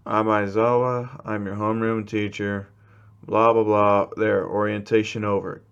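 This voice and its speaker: A man voicing a stern, gruff male homeroom teacher who barks blunt orders. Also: on the low side, flat delivery, a little slow, fairly bright tone, muffled recording.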